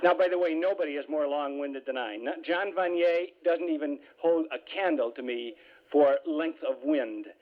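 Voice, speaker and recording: A man giving a humorous spiritual talk, telling stories lively with self-mocking asides. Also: fairly high pitch, moderate pace. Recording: tinny phone-like radio sound.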